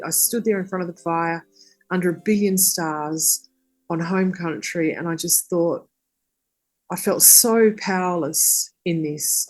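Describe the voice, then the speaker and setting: An Australian woman in her fifties, a singer-songwriter guest telling stories in conversation and acting out the people she quotes. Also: fairly low pitch. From southwest Western Australia. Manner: animated storyteller who acts out the people she quotes. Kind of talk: conversational storytelling.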